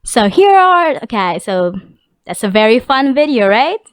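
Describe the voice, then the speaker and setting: A woman teacher giving an online class lesson, slowly and clearly repeating vocabulary words for young students. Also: on the high side, very animated, background noise. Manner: slow, clear word-by-word drilling of vocabulary.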